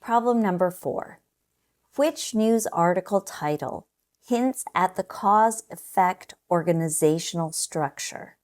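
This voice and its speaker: A woman narrating a scripted test-prep lesson in a slow, measured, explanatory way. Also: lowish voice, expressive, darkish tone.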